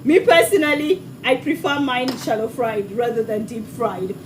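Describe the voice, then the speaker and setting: A woman's voice: fairly high pitch, moderate pace, distant mic, background noise. A woman hosting a live cooking stream in her home kitchen, chatting affectionately with viewers and calling them sweetheart as she reads their comments. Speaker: cooking show host.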